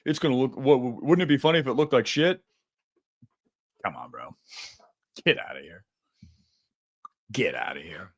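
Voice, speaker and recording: A man's voice: medium pitch, a bit bright. Male host, casual comic ranter, mid-range voice, playful indignation. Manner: joking, mock-indignant, competitive rant. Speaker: podcast host. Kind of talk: casual chat.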